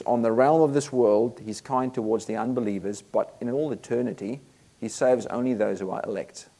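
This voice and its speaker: A man's voice: mid-range voice, gravelly, mellow. A man preaching a sermon, earnest and emphatic, reading Bible verses aloud between points.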